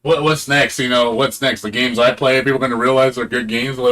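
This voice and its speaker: A man's voice: medium pitch, steady tone, brisk, bright, forceful tone. A man streaming a game, ranting in a casual, profane and sarcastic way, now and then mocking other people in put-on voices.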